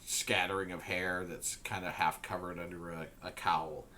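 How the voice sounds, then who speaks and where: A man's voice: deep voice, little pitch movement, moderate pace, very noisy. A man narrating a tabletop game as game master, searching for words with many fillers.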